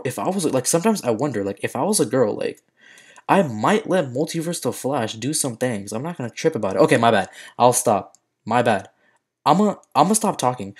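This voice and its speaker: A young man talking casually to his livestream viewers. He speaks in loose slang and swings into excited shouts while he plays. His voice sits in an ordinary middle pitch. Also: fairly quick, slightly rough. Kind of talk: casual gaming livestream chat.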